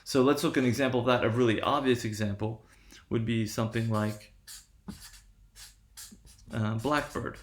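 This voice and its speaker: A man's voice: medium pitch, fairly even intonation, moderate pace, long pauses, slight background noise. Lecturing man in an echoey room. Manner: frequent "right?" checks, restarts. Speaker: linguistics lecturer. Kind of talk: explanatory lecture.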